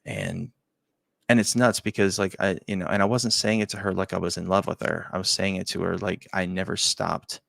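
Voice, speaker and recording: A man hosting a talk show, telling a personal story in a halting, emotional way, often dropping to a quiet near-whisper and repeating his words. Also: deep voice, level tone, gravelly, no echo. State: choked up. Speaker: show host.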